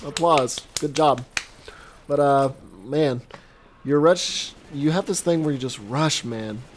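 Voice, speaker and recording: A man coaching a player over gameplay footage in casual commentary, animated with quick reactions and a voice strained from talking. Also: a little high, slight background noise. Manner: animated, quick reactions, self-deprecating asides. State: voice strained from long recording.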